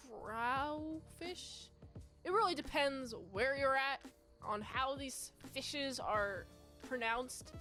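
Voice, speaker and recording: High-voiced chatty woman reviewing a movie. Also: a bit bright. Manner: chatty, playful, rambling. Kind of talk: casual movie review chat.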